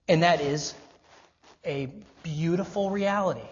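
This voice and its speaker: A preacher delivers an emphatic sermon in a high-sitting, animated, fairly bright voice, leaning on rhetorical questions and slowing right down to stress key phrases. The recording is dull and lo-fi, missing its top end.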